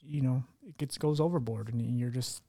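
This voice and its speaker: A man's voice: medium pitch, normal speed, dark tone, dry recording. Frank, rambling young man talking candidly. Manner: frank and rambling, swears casually, acts out quotes in a raised voice. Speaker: podcast host. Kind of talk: candid conversational interview.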